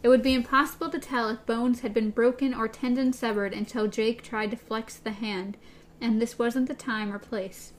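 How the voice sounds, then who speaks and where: A woman's voice: a little high, fairly even intonation, moderate pace. A woman co-hosting a podcast, reading a novel aloud and discussing it playfully. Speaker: podcast co-host.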